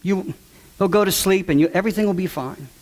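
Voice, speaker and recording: Brief: a sly, persuasive man, soothing and falsely concerned, pitched up high, as a speaker mimics him. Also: brisk, lightly acted, low-quality recording. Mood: coaxing. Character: smooth-talking manipulative man, coaxing and falsely caring.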